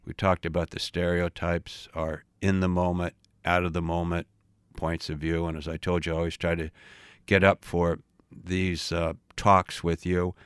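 Guy pushing seventy, lowish voice, dry close mic, tells stories all animated and stumbly. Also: normal speed, clean tone, no room sound. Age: 60s. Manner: animated, stumbling restarts and repeated words. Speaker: podcast co-host. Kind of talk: casual storytelling.

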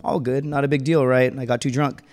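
A man's voice: mid-range voice, flat delivery, a little fast, darkish tone. A man doing stand-up storytelling on a live stage, rambling and conversational with lots of fillers, chuckling at his own story. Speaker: stand-up comedian. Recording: reverberant hall.

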